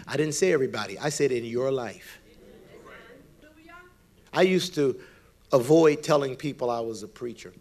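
A man's voice: medium pitch, darkish tone. A man preaching a provocative sermon as pastor, acting out the voices of the people he quotes.

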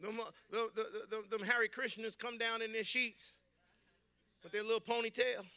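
A man preaches from the pulpit, moving from easy storytelling into shouting. His voice sits high for a man and has a hard, driving edge. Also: flat delivery, normal speed, smooth, no room sound. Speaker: pastor. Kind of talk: preaching sermon.

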